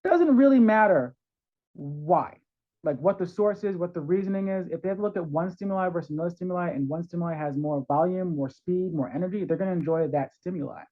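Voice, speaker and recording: A man talking as a guest in an interview about parenting, animated and acting out voices of parents and kids, heard over a call. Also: on the high side, fast talker. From New York. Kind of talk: conversational advice in an interview. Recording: dull, lo-fi sound.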